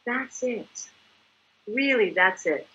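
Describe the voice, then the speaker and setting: A woman's voice: on the high side, slow, highs cut off. A woman giving an enthusiastic, chatty sales presentation and acting out examples as she goes. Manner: animated, chatty, acts out examples. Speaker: product distributor presenter. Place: living in Mexico.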